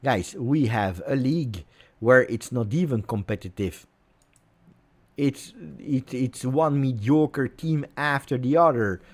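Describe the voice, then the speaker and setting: A man's voice: medium pitch, slow. Exasperated man ranting over a match. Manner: exasperated ranting with many repetitions. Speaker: football fan streamer. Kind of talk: live match watch-along reaction.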